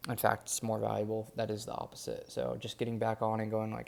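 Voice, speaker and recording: A young man speaks in a low, gravelly voice, rambling candidly through an update. His delivery stays fairly flat, full of fillers and restarts. It sounds like a casual daily vlog. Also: fast. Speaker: vlogger documenting his days.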